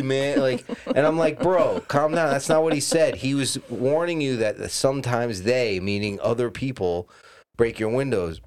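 A man's voice: medium pitch, moderate pace. A man in casual chat, telling profane stories and briefly acting out the people in them. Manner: animated, swearing, acts out voices in stories.

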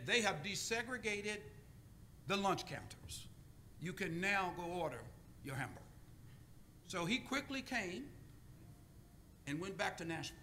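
Bright high-voiced male preacher. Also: a little hiss or hum. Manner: call-and-response, deliberate pauses. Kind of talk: sermon with storytelling.

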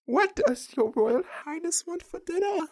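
Woman playing a slow, husky, curious alien; dry, close. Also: extremely high pitch, lively intonation, a little mellow, dry recording, pitched above the performer's own voice. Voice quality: slightly rough. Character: curious alien servant, slightly rough-voiced.

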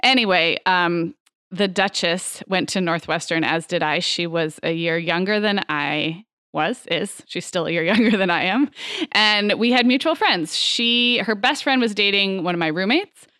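A woman's voice: lowish voice, moderate pace, bright, forceful tone, smooth, no room sound. Woman in her 30s chatting on a podcast, laughs a lot, dry close sound. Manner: chatty, laughs often, trails off and restarts. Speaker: podcast co-host. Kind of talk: casual chat.

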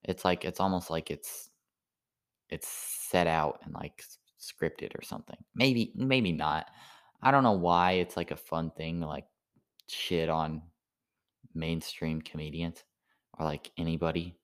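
A sleepy man rambling through a halting stand-up style monologue full of "like" fillers. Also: a bass voice, fairly bright tone.

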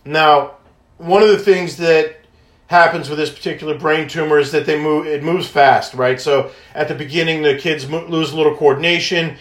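Upbeat man, slightly high voice, chatty podcast storyteller who laughs a lot, roomy echo. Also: steady tone, normal speed. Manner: high-energy, laughs often, acts out phone calls. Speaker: podcast host and wish granter. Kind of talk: casual storytelling monologue. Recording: echoey room.

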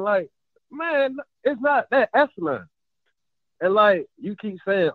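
A man calls in to a sports show over a tinny phone line. His voice is high and swings up and down a lot as he argues insistently. He keeps pushing to finish his point. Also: big pitch swings, a little slow, no room sound. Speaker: caller. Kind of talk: heated sports debate on a call-in line.

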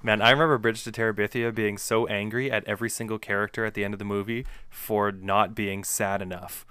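A man's voice: fairly low pitch, little pitch movement, fairly quick, bright, forceful tone, clean tone, no room sound, clean studio sound. A man joking dryly in a casual conversation. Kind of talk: casual chat.

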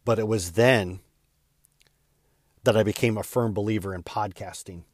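A middle-aged man tells a personal story with earnest, heartfelt feeling. His voice sits on the low side, and his pace quickens and eases with the emotion. The sound is dry and close, with no room echo. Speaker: real estate agent and podcaster.

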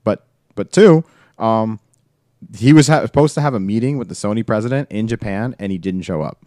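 A man's voice: fairly low pitch, fairly quick, darkish tone, no room sound, studio quality. A man hosting a casual chat, rambling and filling his talk with "like". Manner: rambling, fills speech with "like".

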